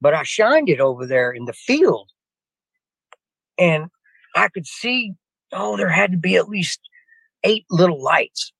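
An older man spins a long, meandering anecdote. He digresses, restarts phrases, and keeps calling out to the host. His voice sits a bit high, and the sound is dry and close with no room around it. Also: big pitch swings, measured pace, creaky, pauses often, a bit bright, slightly rough, no room sound, poor audio. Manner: digressive, restarts often, addresses the host by name. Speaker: guest telling a personal story. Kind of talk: rambling spoken anecdote.

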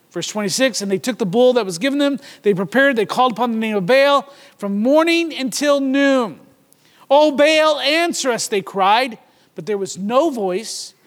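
Male pastor, very high voice, dramatic sermon delivery, echoing church hall. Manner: dramatic scripture reading with mocking voices.

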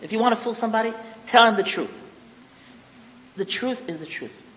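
High, bright-voiced man lecturing. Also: brisk, in a large hall, rough recording. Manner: emphatic, repeats key phrases, mixes in Hebrew and Yiddish terms. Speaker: religious lecturer. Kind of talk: lecture to an audience.

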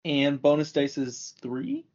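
A player in a tabletop game, eager and excitable. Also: medium pitch, slow. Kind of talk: casual tabletop game chat. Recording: slightly dull lo-fi audio.

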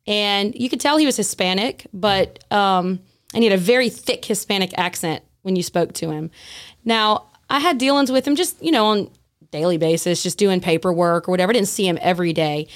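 Animated woman telling a story. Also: mid-range voice, a little fast. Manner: animated, acts out dialogue in her story. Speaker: guest, former prison staff. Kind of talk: casual podcast storytelling.

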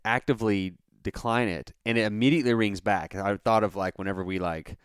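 A middle-aged man hosting a podcast, telling a rambling, animated anecdote with lots of restarts. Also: on the low side, fairly quick, clean tone, no room sound, studio quality. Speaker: podcast host. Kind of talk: casual storytelling chat.

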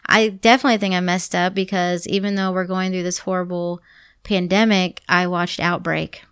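A woman in her thirties, a podcast host and mother, chatting casually and telling animated stories with frequent laughter. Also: fairly low pitch, moderate pace, clear, resonant tone, no echo, studio quality. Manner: animated storyteller, laughs often, acts out her kids' voices. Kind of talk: casual chat.

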